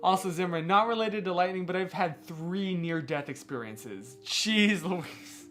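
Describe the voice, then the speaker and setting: A man's voice: sits high, expressive, a little slow, a bit bright, soft background music. A man hosting a live stream, chatting casually and playfully with viewers, poking fun at himself and laughing often, speaking from a room at home. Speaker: livestream host.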